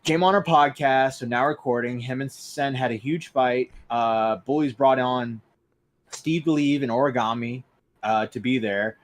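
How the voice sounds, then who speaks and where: A man's voice: mid-range voice, unhurried. A man co-hosting a podcast, rambling through a recap of online drama with lots of fillers and cursing. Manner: rambling, profane, restarts and fillers. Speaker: co-host.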